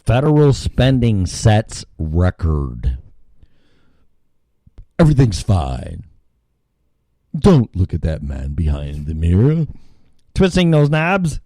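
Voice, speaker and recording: A man's voice: deep voice, huge pitch swings, slow, pauses often, dark tone, dry recording, clean studio sound. A man hosting an ad-libbed talk radio show, irreverent and swearing freely as he reads the news sarcastically.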